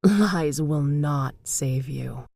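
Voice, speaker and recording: A woman voicing the vengeful ghost of a dead mother, speaking in a slow, menacing whisper. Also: deep voice, creaky, dark tone, dry recording, full character voice. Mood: snarling command.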